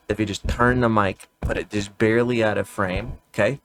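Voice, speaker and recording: A man's voice: fairly low pitch, fairly even intonation, normal speed, fairly bright tone. A man streaming a casual reaction to a video, nitpicky and emphatic as he talks straight to his viewers.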